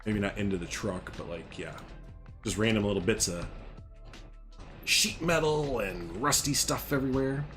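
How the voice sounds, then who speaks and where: A man's voice: lowish voice, normal speed, fairly bright tone, soft background music. A man hosting a casual gaming livestream, chatting in a rambling, sarcastic, joking way. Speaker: livestream host.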